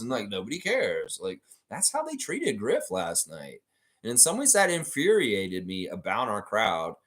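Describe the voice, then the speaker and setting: Male fan-show host, mid-pitched, very lively intonation, heated casual rant to live viewers. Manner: animated, ranting, profane, talks straight to viewers. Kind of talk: livestream chat reading viewer comments.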